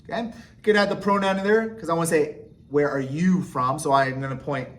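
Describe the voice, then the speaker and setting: Explaining sign language one step at a time, this American speaker keeps asking a short "okay?" to check in. He talks fast and expressively, his voice a little high with a fairly bright tone.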